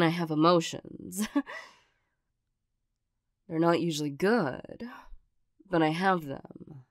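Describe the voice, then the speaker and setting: A woman voicing an awkward young girlfriend, gruff but loving, in a whispered role-play, hesitant and stammering with nervous little laughs. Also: lowish voice, no room sound, clean studio sound. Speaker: ASMR role-play performer.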